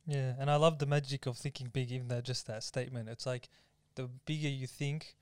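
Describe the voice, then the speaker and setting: Man, smooth resonant voice, dry sound, soft and reflective. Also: mid-range voice, fairly even intonation, brisk, no echo. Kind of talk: casual conversation.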